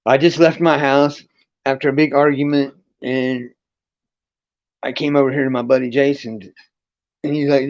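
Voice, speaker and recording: A man's voice: medium pitch, flat delivery, normal speed, long pauses, lo-fi sound. Rambling man telling a spiritual story. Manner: rambling, frequent restarts and profanity; reads and greets chat between story. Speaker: livestream host. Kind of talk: casual storytelling on a livestream. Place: his friend's home.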